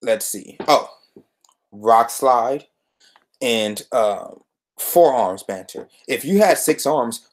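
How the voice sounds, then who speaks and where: A man's voice: mid-range voice, lively intonation, slow. A young man hosting a solo podcast, reviewing comic books in an exasperated, sarcastic rant.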